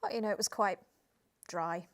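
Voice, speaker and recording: A woman's voice: medium pitch, moderate pace, close to an everyday voice. A British woman playing a self-styled outback expert who turns amateur therapist, with a theatrical, flowery, condescending manner in a comedy sketch.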